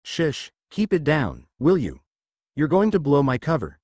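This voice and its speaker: Guy doing a pervy old toad sage, blustery and theatrical, pitch swinging all over, dry close sound. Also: wildly swooping pitch, a little slow, darkish tone, no room sound, exaggerated voice. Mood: hushed. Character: lecherous old male toad sage mentor. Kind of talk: fan fiction audiobook reading.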